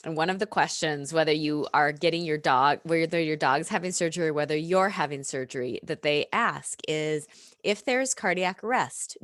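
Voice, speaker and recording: A middle-aged American woman, a yoga and reiki practitioner, talking in an unhurried, reflective way and laughing often in casual podcast chat. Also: sits low, fairly bright tone, no echo, studio quality. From United States.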